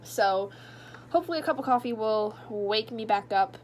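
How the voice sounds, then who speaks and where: A woman's voice: fairly high pitch, lively intonation, normal speed, a little hiss or hum. A tired young woman casually chatting in a late-night book vlog, rambling with lots of fillers. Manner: rambling, filler-heavy, drowsy. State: tired, yawning. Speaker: book vlogger. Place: at home at night.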